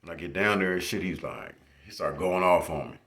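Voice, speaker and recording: A man's voice: low-pitched, fairly quick, gravelly. A young man casually telling stories into his phone, swearing freely and laughing as he goes. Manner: profane, laughing, animated retelling. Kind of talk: casual storytelling.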